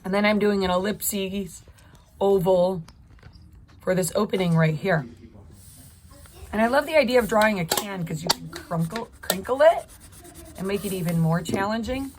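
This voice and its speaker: A woman's voice: mid-range voice, normal speed, a little hiss or hum. A woman art teacher narrating a drawing tutorial, chatty and encouraging, thinking aloud as she draws at her desk.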